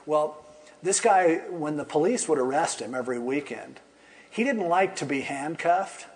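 A man's voice: a little high, expressive, normal speed. Man teaching scripture in a casual way. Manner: casual, storytelling, with humorous asides. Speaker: pastor. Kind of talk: conversational Bible teaching.

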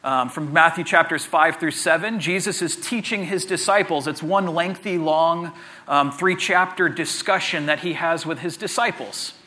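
A man delivers a relaxed, talky sermon in a high, bright voice. He often stumbles over repeated words and slips in jokey asides. The tone stays conversational rather than formal. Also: moderate pace. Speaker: pastor.

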